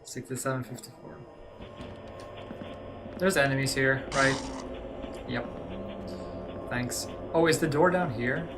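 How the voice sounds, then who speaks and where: A man's voice: medium pitch, slow pace, long pauses, background noise. Chatty man playing a horror game. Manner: chatty, muttering asides to himself. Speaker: gaming channel host. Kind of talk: casual let's-play commentary.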